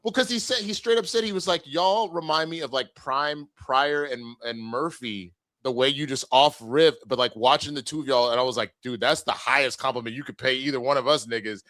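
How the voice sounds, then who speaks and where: A man's voice: medium pitch, a little fast, few pauses, a bit bright. A man co-hosting a casual livestream, teasing his friend and laughing often. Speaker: co-host.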